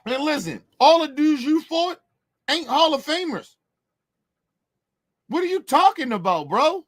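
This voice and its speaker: Brash, profane man ranting, lively pitch. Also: unhurried. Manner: brash, profane, mocking, emphatic. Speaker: boxing commentator. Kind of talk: heated opinion rant.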